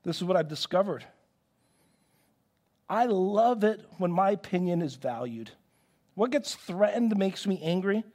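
A man's voice: high-pitched, animated, a little slow, long pauses, a little mellow. A male pastor preaching a sermon in church, telling stories with acted-out quotes and frequent restarts. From United States.

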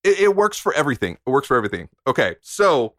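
Animated, joking man hosting a podcast. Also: medium pitch, fast talker, no room sound, studio quality. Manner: playful, teasing, self-deprecating banter. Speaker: podcast host. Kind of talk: casual podcast chat.

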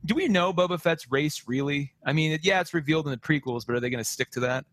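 A man co-hosting a casual podcast, rambling and animated with lots of restarts. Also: fairly high pitch, fast. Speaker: podcast co-host. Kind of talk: casual chat about movies.

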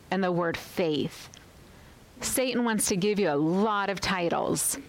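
Female preacher, mid-pitched, emphatic and repetitive, sermon delivery. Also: rough recording. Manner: emphatic, repetitive, asks the listeners questions.

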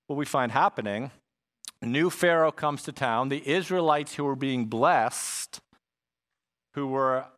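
A male pastor delivering a sermon in a relaxed, chatty way, peppered with slang and asides. His voice sits a little higher than most men's. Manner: casual, conversational, slangy.

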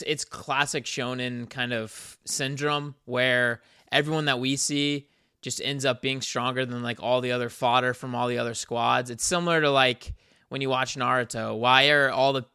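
A man's voice: medium pitch, sharp tone, clean tone, dry recording, studio quality. A man from the American South talking casually and with strong opinions on a podcast, rambling with fillers. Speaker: podcast co-host. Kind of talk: casual chat about anime.

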